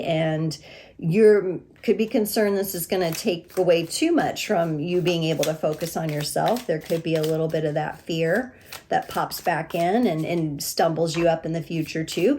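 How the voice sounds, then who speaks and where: A woman giving a gentle, reassuring tarot reading, speaking with pauses and restarts. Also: lowish voice, a little hiss or hum. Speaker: tarot reader.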